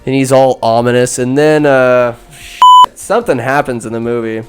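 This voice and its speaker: A man's voice: medium pitch, wildly swooping pitch, moderate pace, loud music behind the voice. A man hosting a podcast, retelling a film in a rambling, profane, irreverent way and acting out the characters. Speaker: podcast host. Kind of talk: rambling comic movie recap.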